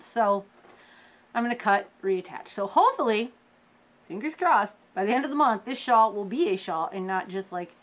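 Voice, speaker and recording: A woman hosting a crafting podcast, chatting casually with her viewers about her projects, laughing often and poking fun at her own slow progress. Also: mid-range voice. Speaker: crochet podcast host. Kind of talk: casual show-and-tell chat.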